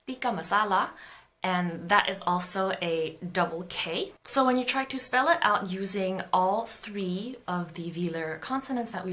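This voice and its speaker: A woman teaching a Korean pronunciation lesson, explaining patiently and clearly and sounding out example syllables. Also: mid-range voice, pushed and bright.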